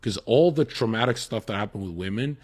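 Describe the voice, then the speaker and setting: A man in heated casual chat, profane and animated, acting out quotes as he talks. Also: lowish voice, fairly quick, slightly rough. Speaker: podcast guest.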